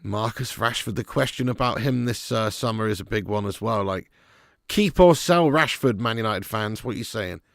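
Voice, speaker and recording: A man's voice: fairly low pitch, moderate pace, vocal fry, no echo, clean studio sound. A man hosting a live football watch-along, chatting with viewers by name and commentating with sarcasm.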